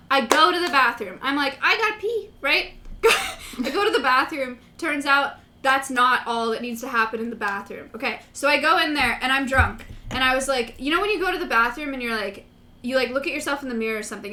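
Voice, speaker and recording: Woman co-host, excitable casual talker, high bright voice, rapid delivery. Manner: excitable, quick interjections. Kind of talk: casual chat.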